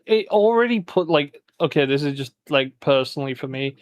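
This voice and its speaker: A man's voice: a little high, animated, fairly quick. A man guesting on a casual livestream chat, blunt and playful, heckling with laughs. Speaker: co-host guest.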